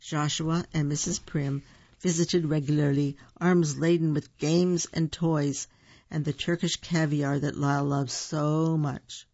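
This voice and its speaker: Gravelly, unhurried picture-book reader. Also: medium pitch, little pitch movement, darkish tone, dull audio. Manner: unhurried, with asides about the pictures. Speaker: storybook reader. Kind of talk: reading a picture book aloud.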